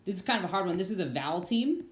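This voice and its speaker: A woman's voice: fairly low pitch, very animated, racing, reverberant. A young woman teaching an online reading lesson to children in an upbeat, playful way, singing a few phrases.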